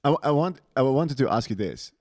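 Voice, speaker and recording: A man's voice: medium pitch, expressive, normal speed, a little mellow, no echo. A man co-hosting a podcast in casual chat, blunt and swearing, laughing often. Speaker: podcast co-host.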